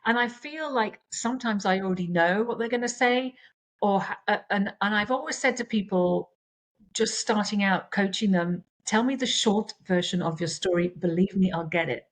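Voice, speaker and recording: A woman's voice: medium pitch, normal speed, poor audio. A middle-aged woman coach in casual conversation, explaining her methods earnestly and acting out quoted exchanges.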